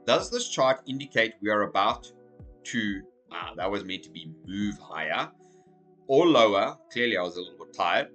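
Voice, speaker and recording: A man with a hoarse, croaky voice talking casually through crypto market commentary, energetic and checking in with "okay?" as he goes. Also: lowish voice, normal speed, soft background music. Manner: energetic, repeats okay and so as you can see. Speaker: crypto YouTuber.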